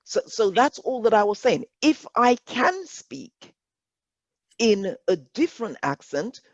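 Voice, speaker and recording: Leading a workshop discussion, a woman speaks in a fairly low voice, thoughtful and sincere, repeating words as she works her way through each point. There's no room sound, just a flat, dry, lo-fi recording.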